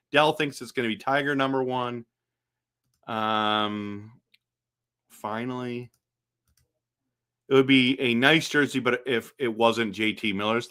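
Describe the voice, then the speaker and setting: A man hosting a casual live stream, reading chat comments aloud and answering them in an animated, chatty way with frequent restarts. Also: medium pitch. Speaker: livestream host reading chat.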